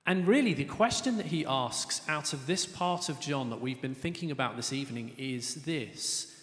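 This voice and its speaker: A man's voice: mid-range voice, animated, normal speed, fairly bright tone. A middle-aged man giving an earnest, conversational evangelistic talk to students, telling stories as he goes. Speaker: speaker. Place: lecture hall. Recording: echoey hall reverb.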